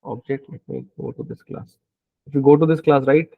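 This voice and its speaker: A man's voice: medium pitch, fairly even intonation, a little fast, gravelly, no echo, phone-quality sound. A man teaching programming as he codes live, thinking aloud and often checking in with "right?". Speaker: programming instructor. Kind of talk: live coding tutorial.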